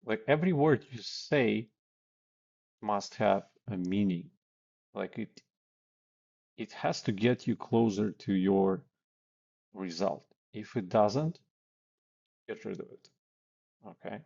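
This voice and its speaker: Slow-talking low-voiced guy giving blunt cold call tips, kinda muffled audio. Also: vocal fry, a little mellow. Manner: blunt, conversational, many fillers and acted example lines. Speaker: sales coach. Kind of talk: casual instructional talk.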